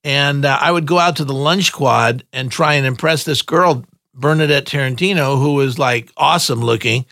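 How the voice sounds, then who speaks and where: A man's voice: mid-range voice, normal speed, gravelly, few pauses, pushed and bright, no echo, clean studio sound. An older man, a guest on a podcast, chatting casually and telling rambling stories with frequent laughs and acted-out quotes. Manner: rambling storyteller, laughs often, acts out quotes. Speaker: guest musician. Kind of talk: casual interview chat.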